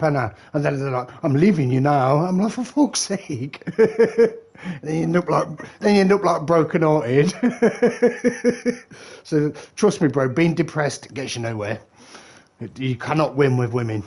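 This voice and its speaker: A man's voice: mid-range voice, darkish tone. A man, rambling in a casual chat as a game streamer, often laughing and swearing. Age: 40s.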